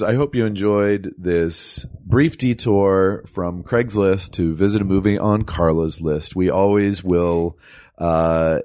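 A man co-hosting a casual movie podcast, relaxed and a little hesitant. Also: deep voice, no room sound, studio quality. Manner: lively, relaxed, hesitant with fillers. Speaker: podcast co-host.

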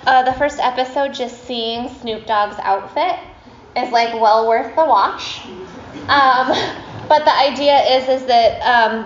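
A woman chats to a class in a casual storytelling way, with lots of fillers and little laughs. Her voice sits a bit high. The room is echoey and the sound a bit muffled. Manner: chatty, many fillers, laughs often.

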